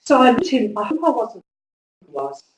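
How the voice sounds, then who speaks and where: A woman giving a conference talk to teachers, telling stories with lively emphasis and driving home instructions. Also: mid-range voice, normal speed, slight background noise. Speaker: conference speaker. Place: conference hall. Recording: echoey hall, distant mic.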